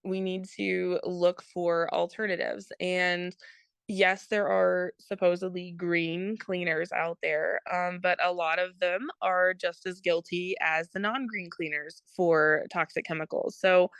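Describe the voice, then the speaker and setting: A woman's voice: fairly low pitch, vocal fry, a bit bright, clean tone, no echo. A woman guest on an interview podcast, explaining earnestly with frequent ums. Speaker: guest, product consultant. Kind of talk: casual interview talk.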